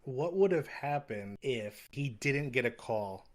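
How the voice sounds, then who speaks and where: Podcast co-host, a man with a middle-pitched voice, relaxed and rambling, laughs while retelling scenes. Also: slow. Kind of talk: casual film review chat.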